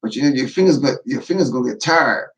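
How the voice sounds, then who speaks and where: A man's voice: expressive, fast talker. Tired-sounding man on a livestream. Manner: tired, low-energy, repeats and restarts phrases. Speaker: livestream host, veteran prepper. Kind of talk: casual livestream talk.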